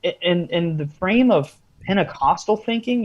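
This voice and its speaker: A man's voice: sits high, lively intonation, normal speed. A man, a podcast guest, telling a long story in a casual interview style with frequent asides.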